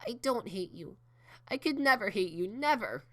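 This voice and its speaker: A man's voice: on the high side, moderate pace, smooth, voice pushed up, close to an everyday voice. A man voicing a small filly pony girl who is crying and wailing through tears. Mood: sobbing.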